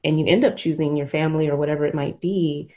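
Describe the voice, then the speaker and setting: Speaking fast in a low, steady, mellow voice, a middle-aged woman hosts an emotional podcast interview, earnest and reflective as she rambles. The recording sounds muffled.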